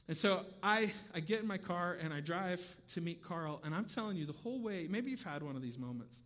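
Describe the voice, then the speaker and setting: A male pastor preaching a sermon, telling a story in a conversational way with asides, moving from quiet moments to near-shouting. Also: high-pitched, expressive, a little fast, few pauses.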